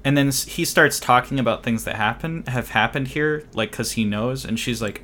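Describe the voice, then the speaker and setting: Male co-host, mid-pitched, loose and rambling delivery, faint background hiss. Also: moderate pace, few pauses, pushed and bright. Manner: rambling, full of "like" and restarts. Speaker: podcast co-host. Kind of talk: casual movie discussion.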